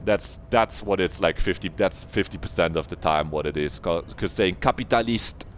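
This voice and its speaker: A man's voice: low-pitched, moderate pace, slight background noise. A young man streaming a video game, chatting casually and rambling with jokes and swearing. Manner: joking, rambling, swears, slips into silly voices. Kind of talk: casual gameplay commentary.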